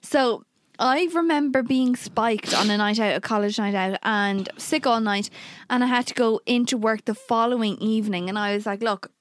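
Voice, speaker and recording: Young woman, podcast co-host, fairly high voice, dry close sound, animated and sweary. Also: normal speed, no echo. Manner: animated storytelling, swears freely. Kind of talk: casual chat.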